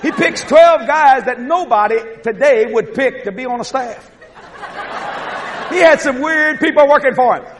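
A preacher, giving a folksy sermon, chuckling often and acting out little scenes. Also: male voice, extremely high pitch, normal speed, crowd noise, noisy background.

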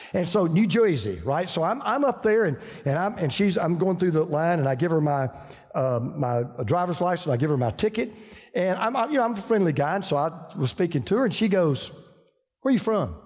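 A man's voice: high voice, animated, fast, darkish tone, long reverb tail. An older man with a Southern US accent, preaching a folksy sermon full of stories and restarts. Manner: folksy, storytelling, frequent restarts. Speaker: pastor.

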